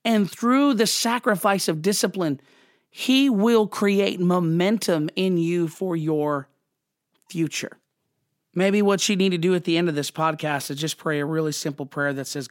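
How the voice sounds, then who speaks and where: A man hosting a podcast, talking fervently and emotionally in a preachy devotional way, quick, then slowing on emphatic words. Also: high-pitched, dry recording, studio quality. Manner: fervent and emotional, restarts and apologizes. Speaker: podcast host.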